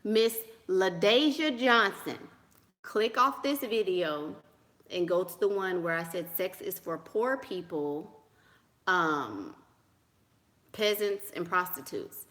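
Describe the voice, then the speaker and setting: A woman's voice: on the low side, lively intonation, slow, a bit bright. Sassy, blunt woman giving dating advice. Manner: blunt, sassy and dismissive, with frequent "honey" and "girl"; laughs often and repeats lines for emphasis. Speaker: dating advice vlogger answering viewer questions. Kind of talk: casual advice monologue.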